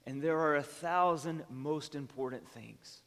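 A man's voice: on the high side, measured pace, a bit bright. A man in his thirties giving a sermon as a pastor, talking conversationally, with frequent restarts and fillers. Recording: long hall reverb.

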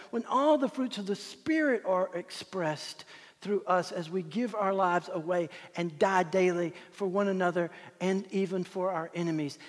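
A man preaching a sermon as pastor, swinging from loud proclamation to hushed whispers. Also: high-pitched, breathy edge. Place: church sanctuary. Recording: long hall reverb.

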